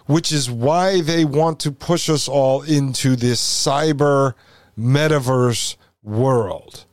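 A man hosting a commentary podcast, speaking slowly and deliberately with a fairly high voice. He is emphatic and keeps pressing the listener with repeated rhetorical questions. The sound is close and dry, with no room around it. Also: dry recording. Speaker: podcast host. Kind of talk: opinionated commentary.

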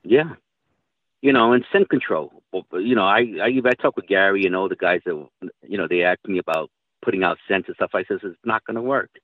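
A man's voice: low voice, fairly quick, no echo. A man telling hunting stories in casual chat, rambling and swearing freely. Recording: dry tinny phone-like line.

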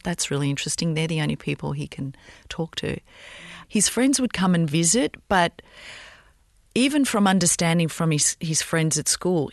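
Middle-aged mum telling her story, gravelly voice, halting, dry close sound. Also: sits low, no echo. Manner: halting, emotional, with frequent restarts. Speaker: bereaved mother, interviewee. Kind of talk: personal storytelling in an interview.

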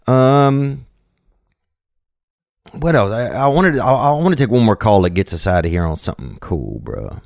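A man's voice: medium pitch, big pitch swings, normal speed, vocal fry, long pauses, no room sound, clean studio sound. A man hosting a podcast, talking casually in loose slang with lots of fillers and restarts. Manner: loose slangy talk, many fillers and restarts, crude jokes. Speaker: podcast host taking voicemail calls. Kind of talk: casual rambling chat.

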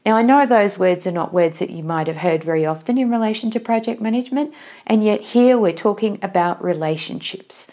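A woman's voice: mid-range voice, a little fast, mellow. A woman giving a solo talk on workplace communication, reflective and asking listeners questions.

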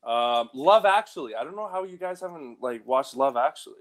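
A man's voice: medium pitch, expressive, brisk. A man who grew up in the United Kingdom, co-hosting a podcast in casual chat and laughing through the banter. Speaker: podcast co-host.

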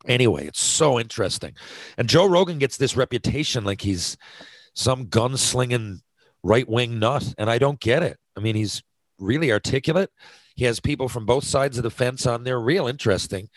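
A man's voice: low voice, no echo, rough recording. A man talking casually on his podcast, chatty and self-deprecating, with lots of fillers and restarts. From North America. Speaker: podcast host. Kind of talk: casual rambling monologue.

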